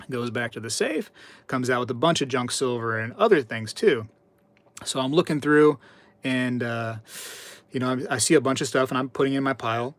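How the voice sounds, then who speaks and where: With a mid-range voice at normal speed and no room sound, a man hosts a casual live stream. He reads chat aloud, tells stories, and chats away while repeating himself.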